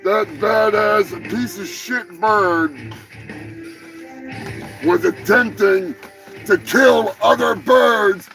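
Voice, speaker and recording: A man hosting a comedic live show, talking loudly in profane, rambling banter. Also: sits high, drawn-out words, gravelly, long pauses, over music, rough recording. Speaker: host.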